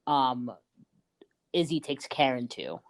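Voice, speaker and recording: A woman with a low voice that moves lively up and down speaks slowly in casual podcast chat. She corrects herself and then explains at an easy pace. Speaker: podcast co-host.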